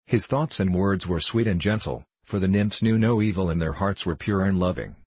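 A man narrating a storybook in a measured, calm reading. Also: low-pitched, husky, no room sound. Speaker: audiobook narrator.

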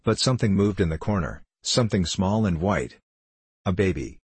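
Deep husky male storybook narrator. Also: fairly quick, no echo.

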